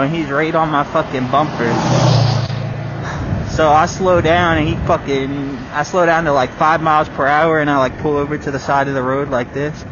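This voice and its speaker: A young man talking casually on a riding vlog, swearing often and calling the viewer bro and dude, recorded outdoors on a small clip-on mic. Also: a little high. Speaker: vlogger. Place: outdoors on a dirt bike on country roads. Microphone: small wireless clip-on mic. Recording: muffled lo-fi audio with loud wind and road noise.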